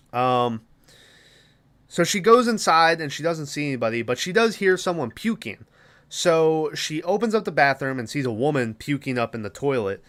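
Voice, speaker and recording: A man at an ordinary, mid-range pitch with a smooth, resonant voice, hosting a podcast. He retells a film plot in a loose, rambling way, full of fillers and casual swearing. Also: a bit bright. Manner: rambling, profane, lots of fillers. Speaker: podcast host. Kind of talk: casual movie recap.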